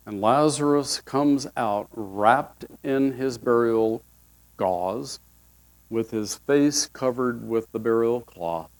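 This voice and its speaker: A male pastor giving a sermon with folksy, humorous storytelling. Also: medium pitch.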